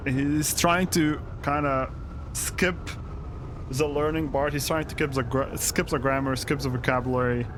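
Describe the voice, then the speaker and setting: A man's voice: mid-range voice, fairly even intonation, measured pace, noisy background. A man commenting live on a stream, reacting to clips with amused exasperation and stammered restarts.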